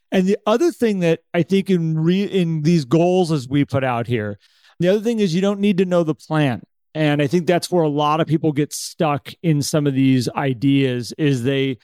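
A man's voice: on the high side, clear, resonant tone, no echo. A man co-hosting a casual podcast chat, talking with energy and acting out an inner voice. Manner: animated, acts out an inner voice. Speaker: podcast co-host.

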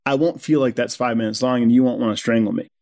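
A man who is a company co-founder, speaking as a guest on a podcast in an energetic, persuasive way. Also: medium pitch, fast talker. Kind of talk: podcast conversation.

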